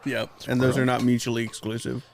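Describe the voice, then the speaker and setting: Casting: male podcast co-host, gravelly voice, dry quick quips. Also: medium pitch, level tone, crowd noise. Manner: wry, quick one-liners. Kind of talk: casual chat.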